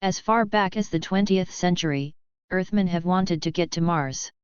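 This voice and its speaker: A woman's voice: fairly low pitch, normal speed, clear, resonant tone, dry recording, muffled recording, lightly acted. A woman reading the lines of an earnest young male space cadet in an audiobook, speaking urgently. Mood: thoughtful.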